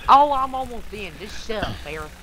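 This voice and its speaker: A man's voice: sits high, big pitch swings, a little fast, a bit bright, rough recording. A young man hosting a game let's play, chatting and teasing his friend as they play. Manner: joking, teasing, puts on a mock country voice at times. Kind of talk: casual gaming chat.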